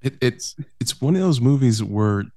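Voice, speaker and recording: A man's voice: mid-range voice, lively intonation, dark tone, no echo. Stammering man co-hosting a podcast. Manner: halting, stammering, profane. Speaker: podcast co-host. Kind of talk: casual chat.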